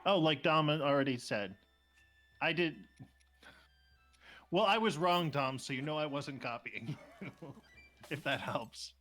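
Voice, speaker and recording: Excitable, bright-voiced male streamer. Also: fairly high pitch, faint music behind. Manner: excitable, laughs often, quick reactions. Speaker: co-op game streamer. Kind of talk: live gameplay chat.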